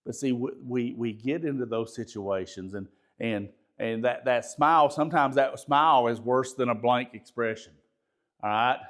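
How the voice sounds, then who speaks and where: A pastor giving a conversational training talk, folksy, repeating words and asking the audience questions. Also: male voice, medium pitch, moderate pace, a bit bright.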